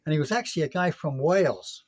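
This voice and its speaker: A man's voice: fairly high pitch, lively intonation, fast talker, a little mellow. Rambling older man in his sixties. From United Kingdom. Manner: chatty, rambling storyteller. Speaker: vlogger. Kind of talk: casual storytelling rant.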